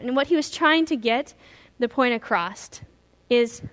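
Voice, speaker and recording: A woman's voice: fairly high pitch, measured pace, a bit bright. A woman pastor giving an earnest, emphatic sermon with stories.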